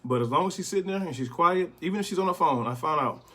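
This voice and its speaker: A middle-aged man, a bishop, giving plainspoken, relaxed marriage advice in casual conversation. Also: fairly high pitch, fast talker. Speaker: bishop, co-host.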